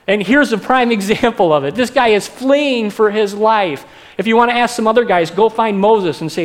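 A man's voice: high voice, a little fast. A male pastor preaching a sermon in a conversational way, asking the congregation questions.

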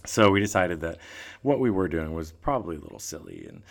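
A man telling a travel story in a casual chat, animated and acting out what people said. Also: sits low, brisk, creaky. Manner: animated, laughing, acts out quoted lines. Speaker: guest storyteller.

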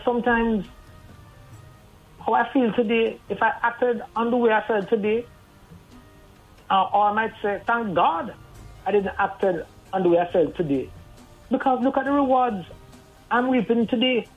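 Husky voice on a phone line. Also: mid-range voice. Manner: earnest, advising, conversational. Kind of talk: radio call-in talk. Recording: tinny phone line over faint music.

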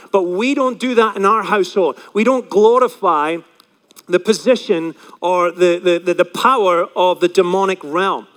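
Male pastor, high-pitched, animated preacher who acts out quoted voices, miked in a reverberant hall. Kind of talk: sermon.

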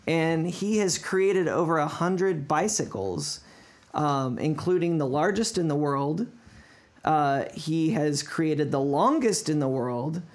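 Podcast host just chatting thru a story, lots of restarts, mid pitch. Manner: rambling storytelling with many restarts. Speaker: podcast host presenting a segment. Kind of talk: casual podcast chat.

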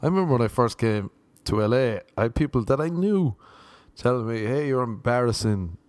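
A man from Cork with a clear Irish accent rambles through a comic monologue. His delivery is sardonic, with loose asides and casual swearing. His voice sits at a middle pitch and sounds dry and close, with no room around it. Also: expressive, a little fast, darkish tone, no echo. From Ireland, Cork. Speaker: comedian.

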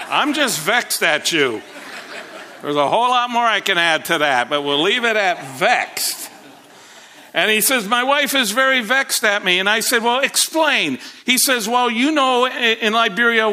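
A man's voice: high voice, sharp tone. A man preaching a sermon, telling a story with rising animation and frequent restarts. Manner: repeats words, frequent restarts.

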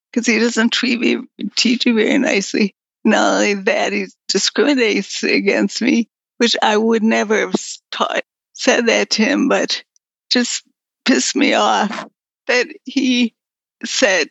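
A woman's voice: mid-range voice, fairly even intonation, a little slow, vocal fry, a bit bright, no echo. A woman guest in a casual interview with a weak voice that fades in and out, speaking candidly and bluntly. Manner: candid, frank and blunt, with mild swearing. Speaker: guest, artist and writer. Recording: dull lo-fi recording.

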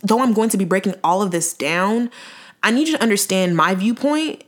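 A young woman hosts her own faith podcast, speaking straight to her listeners. She talks earnestly and with conviction, stretching out key words the way a preacher does. Her pitch sits in an ordinary middle range. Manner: earnest, preachy, emphatic with dramatic slow-downs. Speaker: podcast host. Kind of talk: faith-based podcast monologue.

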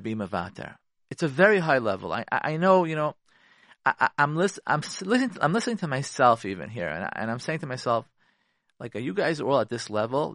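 A man gives earnest marriage advice on a radio show, speaking in a fairly high voice that rises and falls a great deal. He acts out both spouses and mixes in Yiddish and Hebrew terms. The sound is dry and close, with no room echo. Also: fairly bright tone.

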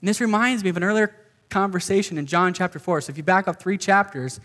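A man's voice: sits high, fast, a bit bright. A man giving a sermon to a live group in a casual, conversational way, often saying "okay" and "like" as he explains. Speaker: pastor.

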